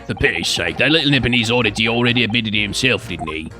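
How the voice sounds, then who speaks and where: A man voicing a gruff, impatient working-class male juror who grumbles bluntly. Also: on the low side, expressive, fast talker, sharp tone, faint music behind, pitched below the performer's own voice. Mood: grumbling.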